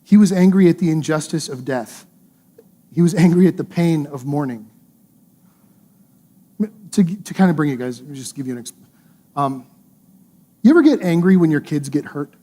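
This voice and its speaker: A man's voice: on the high side, animated, normal speed, pauses often, warm tone. A male pastor preaching a sermon in an earnest, conversational way, using emphatic repetition.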